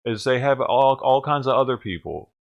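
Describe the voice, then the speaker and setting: A man's voice: medium pitch, lively intonation, moderate pace, creaky, muffled recording. Sarcastic, profane man ranting on a livestream.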